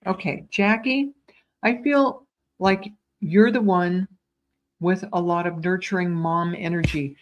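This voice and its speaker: A woman giving live psychic readings, speaking in a tender, soothing way with gentle repetitions and small stumbles, calling viewers sweetheart. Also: lowish voice, fairly even intonation, takes it slowly, dull audio. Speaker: psychic medium.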